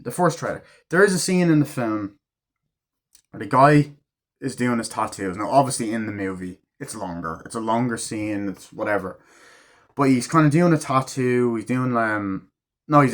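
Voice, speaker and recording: A man giving a casual, rambling movie review at home, full of swearing and fillers. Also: medium pitch. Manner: rambling, profane, filler-heavy retelling.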